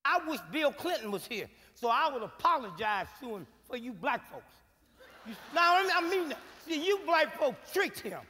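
A man's voice: very high voice, very animated, moderate pace. A man giving a comic, rousing speech to a live audience, telling folksy stories and prodding the crowd with rhetorical questions. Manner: folksy storytelling with loud punchlines. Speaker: panel speaker. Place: large auditorium. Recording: echoey hall, faint crowd and noise.

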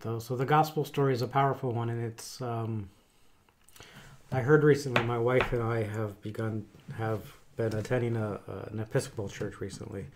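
A middle-aged man who works as a chaplain, talking in a thoughtful, halting way with many pauses and fillers. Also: mid-range voice, steady tone, noisy background. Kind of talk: casual conversation.

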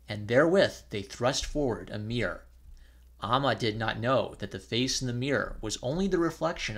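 A man reading an old fairy tale aloud in a measured storytelling manner. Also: medium pitch, lively intonation.

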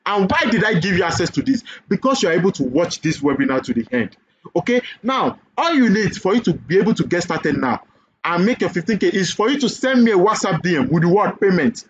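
A man with a Nigerian accent giving a sales webinar pitch for an online business course, persuasive and full of repeated questions and "okay?" checks. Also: big pitch swings, a little fast, husky, muffled recording.

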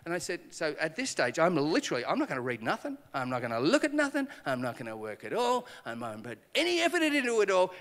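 A man's voice: fairly high pitch, in a large hall. A male pastor giving a conference sermon, telling stories with acted-out dialogue and self-deprecating humor. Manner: animated storytelling with acted dialogue. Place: conference hall.

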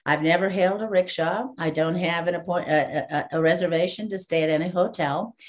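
A woman's voice: lowish voice, fairly quick. A woman from Texas, a guest minister telling her story in an interview and laughing often. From Texas, USA. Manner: lively storyteller who acts out the dialogue and laughs often.

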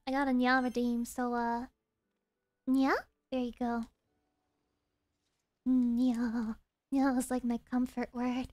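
A woman streaming a game from her desk, chatting in an excitable, rambling way full of swearing. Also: sits high. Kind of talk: casual game stream chat. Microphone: desk mic.

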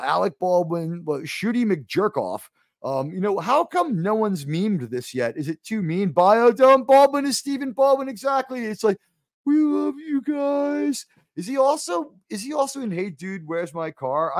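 A middle-aged New man hosts a livestream in a casual, rambling way, cursing freely and tossing wry asides to his chat. His voice sits a little high for a man. It is recorded close and dry, with no room sound. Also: no echo. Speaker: livestream host.

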